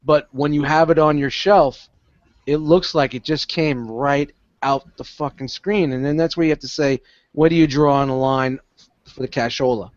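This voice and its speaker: A man's voice: fairly high pitch, fairly even intonation, moderate pace, no room sound. A man co-hosting a casual collector chat, emphatic and swearing freely, over dull lo-fi stream audio. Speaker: podcast co-host.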